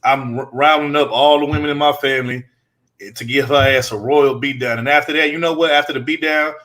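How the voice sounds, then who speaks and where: A man's voice: fairly high pitch, steady tone, fairly quick, a bit bright. A man hosting a casual chat show, rambling, profane and leaning on the same stock phrases. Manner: profane, rambling, leans on "you know what I'm saying". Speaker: host.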